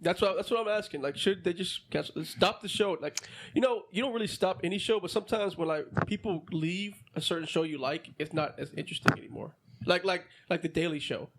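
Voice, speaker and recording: A man's voice: sits high, brisk, noisy background. A young man co-hosting a casual podcast chat with friends, laid-back, swearing freely and telling stories with animation. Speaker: podcast co-host.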